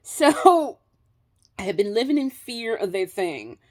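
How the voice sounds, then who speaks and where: A woman speaks in a fairly high voice, telling a personal story in a casual vlog. She is animated and blunt, swearing freely and breaking into laughter as she talks. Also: slow pace. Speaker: vlogger.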